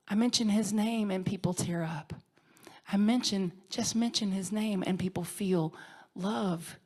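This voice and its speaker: A woman's voice: mid-range voice, a little mellow. Heartfelt, tearful woman giving a tribute. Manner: heartfelt, tearful, laughing, sometimes dropping to a whisper. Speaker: minister presenting an award. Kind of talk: emotional tribute speech. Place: conference hall stage.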